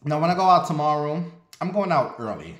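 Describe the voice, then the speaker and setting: A man from Ohio telling a casual story in an animated, profane, dramatic way. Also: a little high, fairly quick, background noise. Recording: roomy echo.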